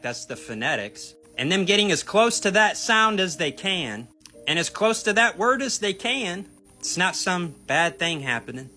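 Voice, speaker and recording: A man's voice: a little high, sharp tone. A man explaining a point to his viewers in an emphatic, argumentative way, talking straight to them. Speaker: video teacher on Bible topics. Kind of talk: explanatory commentary video.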